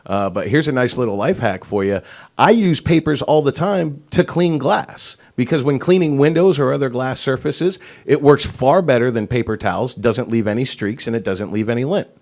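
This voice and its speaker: A man co-hosting a talk show, chatting in a relaxed, joking way. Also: medium pitch, normal speed. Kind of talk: casual talk radio chat.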